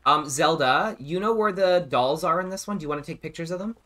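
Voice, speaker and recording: A man streaming a ghost-hunting game, talking excitably with teammates and viewers. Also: a little high, a little fast. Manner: animated, excitable, addresses viewers. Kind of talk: live gameplay commentary.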